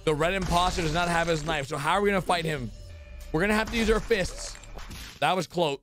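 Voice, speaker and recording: A man's voice: fairly high pitch, a little fast, fairly bright tone, faint music behind. A man hosting a reaction video, exclaiming and gasping as he talks to viewers. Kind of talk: excitable reaction commentary.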